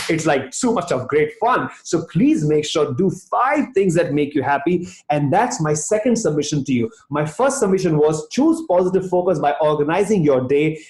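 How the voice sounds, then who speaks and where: A man's voice: a little high, a little mellow, roomy sound. A man giving an emphatic motivational talk to an online audience, repeating phrases for effect. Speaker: motivational speaker.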